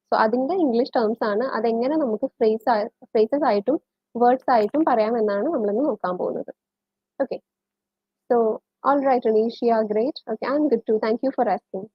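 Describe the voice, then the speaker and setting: A woman's voice: slightly rough, no room sound. A woman with a Malayali English accent teaching a live-streamed English lesson, switching between English and Malayalam and greeting viewers by name. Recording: muffled, low-fidelity stream audio.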